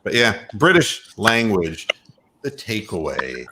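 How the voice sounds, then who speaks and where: Animated joking man over a noisy line. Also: lowish voice, slow. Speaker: co-host. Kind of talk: casual sports talk.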